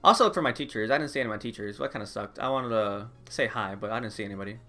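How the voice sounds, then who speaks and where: A man's voice: on the low side, rapid-fire, pushed and bright, faint music behind. A young man in his late teens or early twenties, vlogging in a rambling casual chat, full of "like" and laughs. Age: young adult. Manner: rambling, heavy use of "like", frequent laughs.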